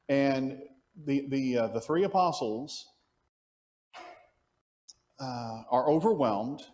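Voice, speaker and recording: A man's voice: medium pitch, big-room sound. A man teaching an adult Bible class at church, asking the class questions as he goes. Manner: animated, asks the class questions.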